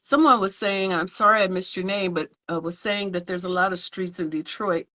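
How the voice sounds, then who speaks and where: A woman's voice: fairly low pitch, moderate pace, sharp tone. An American woman co-hosting a casual live chat, passing on viewer questions and listening supportively. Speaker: co-host. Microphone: video call. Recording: dull lo-fi live-stream audio.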